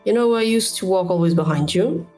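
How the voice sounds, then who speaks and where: A woman's voice: mid-range voice, a little fast, a little mellow, faint music behind, lightly acted. A woman voicing an earnest young male fire mage apprentice, speaking thoughtfully.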